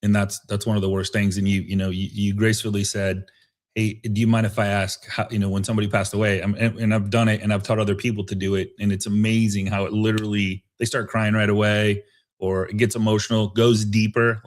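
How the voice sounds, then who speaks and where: Low, flat-voiced male host. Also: brisk. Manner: earnest, restarts often, affirming murmurs. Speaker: show host. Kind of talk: casual chat.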